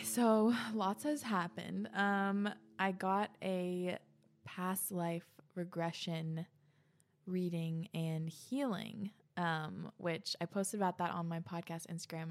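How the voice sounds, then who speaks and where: A young woman hosting her own podcast in casual solo chat, swearing freely and dropping into soft whispers. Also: lowish voice, fairly even intonation, measured pace. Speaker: podcast host.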